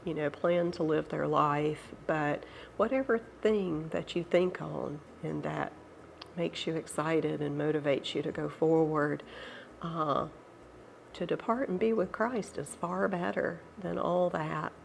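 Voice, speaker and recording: A middle-aged woman with a Southern American accent and a nasal voice from a cold, chatting gently over tea about Bible study. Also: deep voice, fairly even intonation, creaky, a little hiss or hum. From Georgia, USA. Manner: gentle, unhurried, devout. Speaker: channel host. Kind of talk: casual tea-time Bible study chat.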